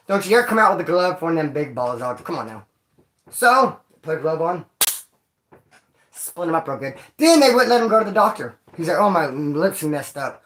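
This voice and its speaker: A man casually telling stories about his time in prison to camera, in a slangy, profane and animated way, often acting out other people's voices. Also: high voice.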